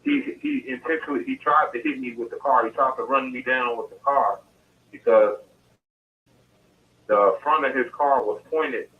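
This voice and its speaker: A man's voice: mid-range voice, big pitch swings, moderate pace, a little hiss or hum. A man recounts events to an interviewer in a casual, detailed way, often restarting and repeating his phrases. His voice sits in the middle range for a man. It comes through a tinny phone line, distant from the mouthpiece. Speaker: interview guest. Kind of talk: telling his story in detail. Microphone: phone call.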